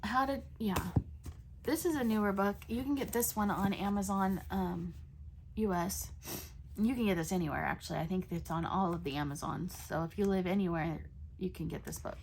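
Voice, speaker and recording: A woman talks casually to camera about coloring books, full of ums, likes and self-corrections. Her voice sits at an ordinary middle pitch. A faint hiss of background noise runs under the recording. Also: a bit bright. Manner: chatty with frequent fillers and restarts. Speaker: coloring channel host. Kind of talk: casual chat.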